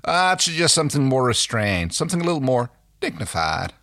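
A man's voice: mid-range voice, big pitch swings, fairly quick, pushed and bright, dry recording, voice pushed up. A man voicing a wry male astronaut in a comic fan fiction reading, dry and sarcastic.

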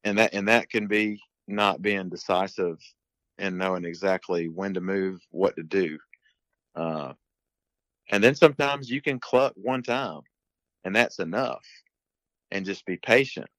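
A man with a low voice and fairly bright tone speaks unhurriedly and pauses often, on poor audio with no echo. He's a turkey hunter being interviewed as a podcast guest, explaining things casually and unevenly with restarts and emphatic bursts.

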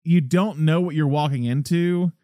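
A man with a somewhat high voice chatting loosely about a movie on a podcast, restarting sentences and acting out bits of dialogue. The sound is dry and close to the mic. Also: normal speed, no room sound. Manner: rambling, animated, acts out quotes. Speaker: podcast co-host. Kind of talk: casual film discussion.

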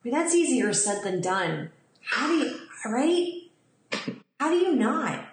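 A woman hosting a podcast, chatting casually, self-deprecating and quick to laugh. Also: a little high, very animated, roomy sound. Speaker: podcast host.

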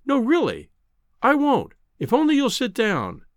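A man's voice: very high voice, wildly swooping pitch, a little slow, no room sound, clean studio sound, voice pushed up, heavily acted. A man reading a novel aloud, voicing an earnest, impulsive young man pleading his love.

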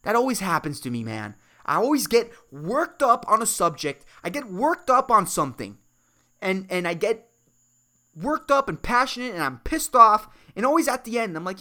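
A man's voice: high voice, sing-song, moderate pace, bright, forceful tone. A man from Puerto Rico hosting a solo comedy podcast, rambling and swearing, swinging between worked-up rants and mumbled asides. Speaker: podcast host.

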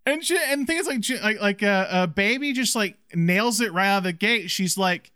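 A man co-hosting a casual film discussion, animated and laughing often as he talks. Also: high voice, moderate pace, clean tone, no room sound, clean studio sound. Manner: animated, laughs often, restarts when excited. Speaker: podcast co-host.

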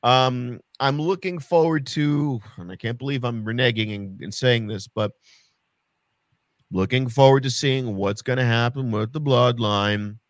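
A man casually chatting about wrestling as a podcast co-host, animated and sarcastic, swearing freely. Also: mid-range voice, unhurried, no room sound, clean studio sound.

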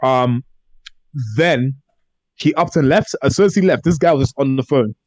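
A man's voice: mid-range voice, normal speed, dry recording, rough recording. A young man, co-hosting a casual podcast chat and telling stories animatedly with many restarts. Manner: animated storyteller, lots of fillers and restarts. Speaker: podcast co-host.

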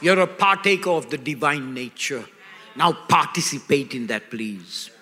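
A man's voice: fairly high pitch, measured pace, bright, forceful tone. An older man preaching a sermon emphatically, checking in with his listeners through call-and-response questions. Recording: echoey hall.

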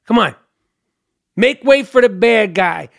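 A man's voice: high voice, lively intonation, takes it slowly, gravelly, no room sound, clean studio sound, exaggerated voice. A man doing Tony Montana, snarling. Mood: defiant. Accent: mock Cuban gangster accent. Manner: snarling, profane and boastful. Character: swaggering defiant male gangster boss.

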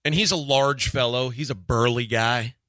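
A man hosting a sports radio show, telling a story in casual chat, animated and acting out the quotes with frequent laughs. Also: mid-range voice, normal speed, no echo, studio quality. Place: radio studio.

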